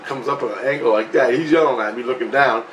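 A man telling a rambling, profane story in a casual vlog, getting excitable as he goes. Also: mid-range voice, fast, a little hiss or hum, rough recording. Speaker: vlogger.

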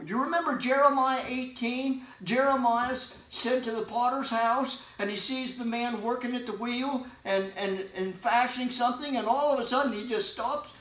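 A man preaching a sermon as pastor, folksy and animated, with sudden loud emphasis and quiet asides. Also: extremely high pitch. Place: church sanctuary. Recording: echoey church hall.

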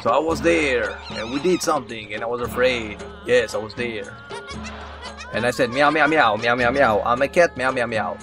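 A man's voice: mid-range voice, moderate pace, over music, lightly acted. A man putting on a goofy bragging monkey creature. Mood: goofy boasting. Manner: silly, childish storytelling, mock meowing. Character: boastful goofy male monkey creature storyteller.

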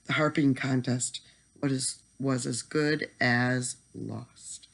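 A storyteller reading a bedtime story aloud in an expressive manner that slows for tension. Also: medium pitch, creaky, breathy edge.

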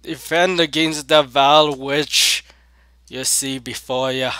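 Guy doing a bright over the top pirate king yelling at his crew, dry close mic. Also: mid-range voice, steady tone, clean tone, no echo. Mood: commanding. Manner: theatrical, drawn-out proclamations.

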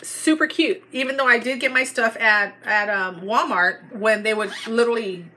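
A woman's voice: fairly high pitch, moderate pace, bright, forceful tone, a little hiss or hum. A middle-aged woman, chatting and gushing as she shows a store haul in a casual vlog. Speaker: haul vlogger.

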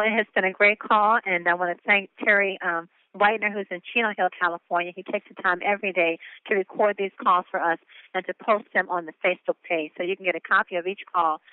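A woman's voice: on the low side, clean tone, no room sound. A woman pastor hosting a conference call who laughs often as she wraps up. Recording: tinny phone line.

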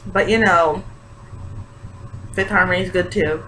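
A young woman chatting excitedly in a casual reaction vlog, gushing and full of fillers. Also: fairly low pitch, a little slow, rough recording. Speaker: vlogger. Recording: faint background hiss.

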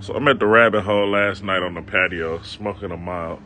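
Dude with a lowish voice telling a funny story live, slangy and laid back, cracking on himself, faint street noise around. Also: male voice, steady tone, brisk, sharp tone. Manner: loose, slangy, self-mocking, with asides to viewers. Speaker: comedic vlogger telling a story. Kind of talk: casual storytelling to a live-stream audience. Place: outdoors on a city street.

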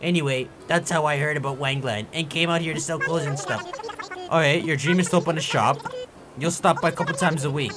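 A man's voice: fairly high pitch, brisk, background noise, voice pushed down, close to an everyday voice. A man reading out the lines of a friendly female hedgehog clothing seller. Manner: reading dialogue text aloud.

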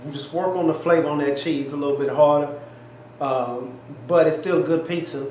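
A man's voice: on the high side, steady tone, moderate pace, a little mellow, a little hiss or hum. A man co-hosting a home cooking taste test, exclaiming and chatting folksy in a kitchen. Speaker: cooking channel co-host. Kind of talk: casual taste-test chat. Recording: echoey kitchen, faint ambience.

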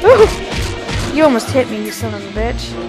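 A young woman gaming on camera, swearing and pleading loudly at the enemies she fights. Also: fairly high pitch, fairly quick. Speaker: let's play gamer. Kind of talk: panicked gameplay commentary. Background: game music.

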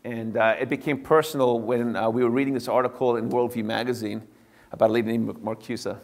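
A middle-aged man, a pastor, giving a personal testimony to a church, earnest and swinging between animated and hushed. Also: mid-range voice, fast talker.

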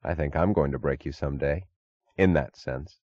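A man voicing a cold steel magnate who bargains in an even, dryly mocking tone. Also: very deep voice, normal speed, no echo, highs cut off, pitched below the performer's own voice.

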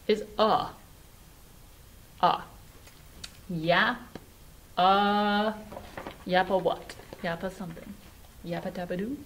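Slow, patient woman music teacher. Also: medium pitch, fairly bright tone, a little hiss or hum. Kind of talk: online music lesson for children.

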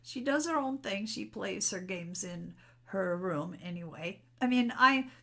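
A woman's voice: mid-range voice, animated, unhurried, gravelly, sharp tone. A middle-aged woman talking unscripted to her camera at home, rambling in a candid, personal way. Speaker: spiritual vlogger. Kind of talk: unscripted solo talk to camera. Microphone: camera mic.

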